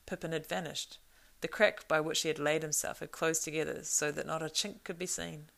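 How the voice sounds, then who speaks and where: Low, gravelly woman reading a story. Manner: measured, expressive reading. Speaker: audiobook narrator. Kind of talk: storybook narration.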